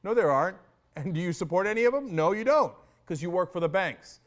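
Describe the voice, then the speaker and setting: A man giving animated, sarcastic political commentary and mocking the people he discusses. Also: high voice, fast talker. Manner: mimics others in exaggerated voices.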